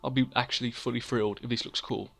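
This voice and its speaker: A man's voice: mid-range voice, fairly even intonation, quick pace, vocal fry, fairly bright tone. A young man, hosting casual gameplay commentary in a rambling, self-mocking way, often talking to himself by name. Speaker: let's play host.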